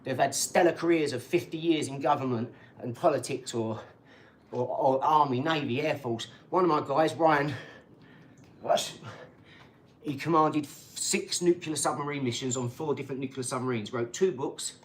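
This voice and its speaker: Man, middle-aged, livestream host, rambling, excitable, boastful, mid-pitched voice, faint background noise. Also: moderate pace. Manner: rambling, boastful and excitable, with frequent tag questions. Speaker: channel host reading viewer comments. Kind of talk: casual livestream chat.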